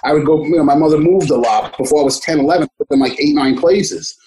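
A middle-aged man from the Bronx speaks with a thick New York accent in a fairly high register. He tells long, rambling, streetwise stories as an interview guest, swearing freely and acting out other people's lines. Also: fast, mellow, low-quality recording. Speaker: actor, guest. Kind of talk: casual storytelling interview.

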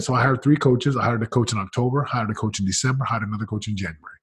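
A man, a business coach, telling his story in a casual, energetic way, full of "man" and "like", swinging between loud excitement and quiet murmurs. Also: medium pitch, racing, hardly any pauses, breathy edge. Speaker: business coach, interview guest.

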